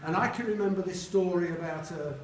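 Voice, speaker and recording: A man's voice: sits high, fairly quick, recorded from a distance. A man in his seventies from Sheffield, England, giving an after-dinner speech of funny anecdotes and acting out the people in them. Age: 70s. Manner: jokey storyteller acting out quoted voices. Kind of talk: humorous anecdotes at a reunion lunch. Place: large dining hall. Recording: echoey hall, voice picked up from afar, faint hum.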